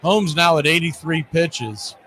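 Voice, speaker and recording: A man with a high, bright voice calls baseball play-by-play like an old radio broadcast. He gets excitable and shouts the big plays with playful catchphrases, over a faint hum of noise behind him. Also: measured pace. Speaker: play-by-play announcer.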